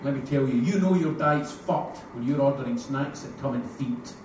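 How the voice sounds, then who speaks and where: A man with a Scottish accent doing a crude, animated stand-up comedy set, slipping into put-on voices. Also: medium pitch, moderate pace. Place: live comedy venue with audience. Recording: echoey room, mic heard from far off, noisy.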